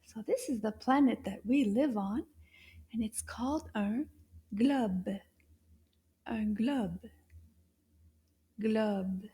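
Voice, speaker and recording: A woman teaching young children a language lesson, talking in a slow, exaggerated, animated way with frequent gasps and hushed whispers. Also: a little high, breathy edge.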